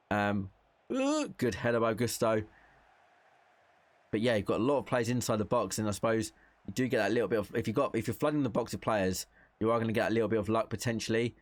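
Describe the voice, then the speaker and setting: Relaxed low-voiced man commentating gameplay. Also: no room sound. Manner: thinks aloud, relaxed and chatty, reacts to play. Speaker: gaming content creator.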